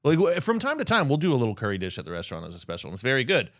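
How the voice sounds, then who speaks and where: A man's voice: medium pitch, huge pitch swings, very fast, fairly bright tone, dry recording, studio quality. Self-deprecating man, podcast guest. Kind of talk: casual chat.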